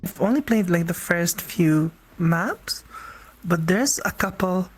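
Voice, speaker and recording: A woman's voice: lowish voice, expressive, takes it slowly, low-quality recording. A woman chatting casually with a streamer friend, easygoing and teasing, with hiccups. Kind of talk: casual chat.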